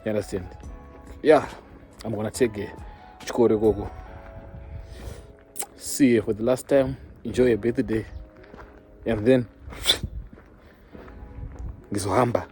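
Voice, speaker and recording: A man's voice: lowish voice, steady tone, measured pace, long pauses, mellow, faint music behind. A young man with a Zimbabwean accent, chatting loosely to camera in a casual vlog and mixing in Shona phrases. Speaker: vlogger. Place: outdoors in a town centre.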